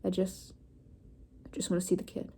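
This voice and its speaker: A woman voicing a gruff, tired, badly wounded giant of a man who speaks in quiet, strained bursts. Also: lowish voice, completely flat delivery, moderate pace. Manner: quiet, strained, few words.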